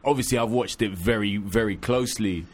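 A man's voice: lowish voice, fairly quick. A man co-hosting a radio show, laid-back and anecdotal, swearing freely in casual chat. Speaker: radio co-host.

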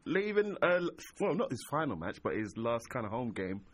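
A man, co-hosting a casual chat show, playful and quick to laugh. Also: medium pitch, sing-song. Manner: playful, laughs a lot, acts out quotes. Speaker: podcast co-host.

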